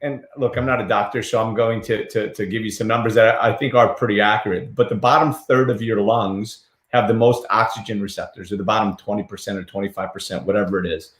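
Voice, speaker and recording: A man's voice: on the low side, steady tone, brisk, few pauses, fairly bright tone. A man hosting a talk show, speaking in a chatty, enthusiastic way with hedging asides. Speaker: podcast host. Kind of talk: casual conversational chat. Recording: roomy echo.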